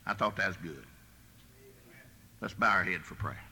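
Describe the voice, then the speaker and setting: A man preaching a sermon as pastor, with a folksy manner, rising to shouted emphasis. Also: low-pitched, moderate pace, slight background noise.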